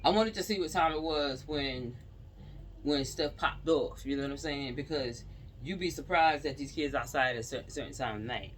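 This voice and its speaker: Excitable New man reacting to news. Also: mid-range voice, moderate pace, slight background noise, low-quality recording. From Newark, New Jersey. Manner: stumbles over words while reading, breaks off into loud exclamations and laughter. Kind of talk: reading news aloud and reacting.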